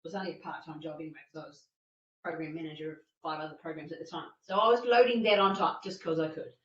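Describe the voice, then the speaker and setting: Expressive woman in an echoey room. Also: low-pitched, quick pace. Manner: expressive, acts out her own panicked thoughts. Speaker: fitness instructor and masterclass speaker. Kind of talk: animated personal storytelling talk. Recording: distant, echoey and dull-sounding.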